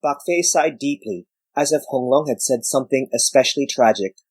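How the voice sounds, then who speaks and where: A man giving measured scripted narration of a story. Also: mid-range voice, a little mellow, husky, no room sound, rough recording.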